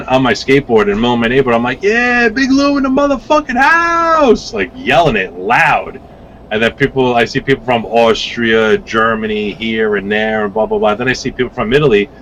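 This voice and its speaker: A man on a podcast as a guest vape reviewer, rambling through casual stories with lively acted-out quotes and some swearing. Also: fairly low pitch, slight background noise, poor audio. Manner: rambling, animated storytelling with swearing.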